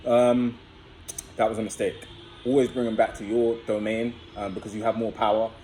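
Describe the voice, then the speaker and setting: A man's voice: on the low side, flat delivery, moderate pace, dark tone, slight background noise, poor audio. A young man vlogging, telling a personal story in a chatty, casual way and often addressing viewers as guys.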